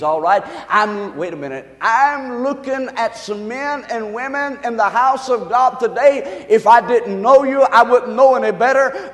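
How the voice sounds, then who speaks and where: A male pastor preaching a sermon to his congregation, swinging from quiet, hushed lines to loud shouting. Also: very high voice, long reverb tail. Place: large church.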